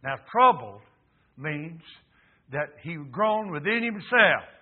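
A man in his seventies preaching a sermon, emphatic, dropping to low murmurs and rising to loud fervent peaks. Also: big pitch swings, slow. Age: 70s. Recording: tinny phone-like recording.

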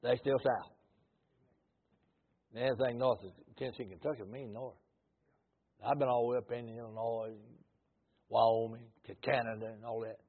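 An older man with a Mississippi Southern accent, a missionary preacher telling folksy stories in a sermon, swinging from loud to low. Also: little pitch movement, normal speed, creaky, long pauses. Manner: storytelling, rises loud then drops low. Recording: tinny phone-like audio.

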